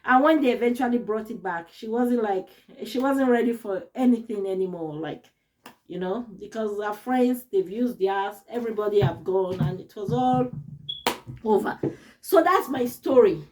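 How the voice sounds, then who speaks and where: A woman vlogger telling a personal story to camera in an expressive, earnest, emotional way. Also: mid-range voice, normal speed.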